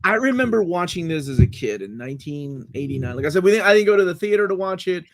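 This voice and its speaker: An enthusiastic man in his forties co-hosts a casual film chat, tripping over his words as he gets excited. His voice sits somewhat high for a man. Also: quick pace, slight background noise. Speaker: podcast co-host. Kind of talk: casual movie review chat.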